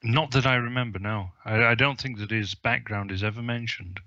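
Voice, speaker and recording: Bright, lo-fi male podcast host. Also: mid-range voice, fairly quick, dry recording. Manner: hesitant, many ums and restarts. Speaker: publisher. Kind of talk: casual film discussion.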